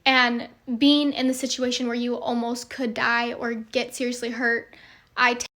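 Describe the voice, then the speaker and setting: Young woman creator, high-set voice, little melody, earnest rambling talk to followers. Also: flat delivery, normal speed, sharp tone. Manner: earnest, rambling with many fillers. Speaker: social media creator. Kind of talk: heartfelt monologue to followers.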